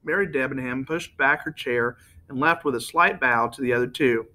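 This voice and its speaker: A man's voice: medium pitch, normal speed, bright, forceful tone. A man reading a novel aloud as an amateur audiobook narrator, with small slips that he corrects as he goes. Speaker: audiobook reader.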